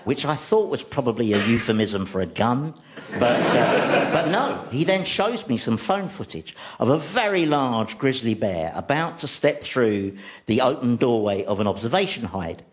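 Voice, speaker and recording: A man's voice: mid-range voice, moderate pace. Wry man telling comic stories. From London, England. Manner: wry, deadpan comic storytelling. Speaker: comedy host. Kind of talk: stand-up comedy monologue on radio. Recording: recording with steady background noise.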